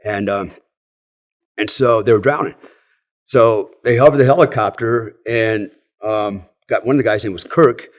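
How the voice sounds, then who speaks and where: A man's voice: on the low side, unhurried. A man in his sixties, a podcast guest telling old army stories in a frank, rambling way, often tagging sentences with "right?". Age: 60s. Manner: rambling, tags sentences with "right?" and "you know"; frank, swears casually. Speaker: podcast guest, former special forces soldier. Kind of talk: casual storytelling in conversation.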